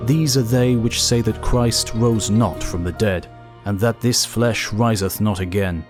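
A man voicing a stern male angel who guides a visitor through hell, speaking in grave, measured pronouncements. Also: on the low side, music in the background, close to an everyday voice. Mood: solemn.

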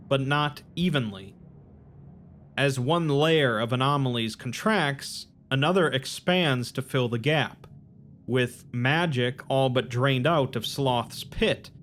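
A man narrating a summary of a story in a measured, plain storytelling manner. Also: mid-range voice, a bit bright.

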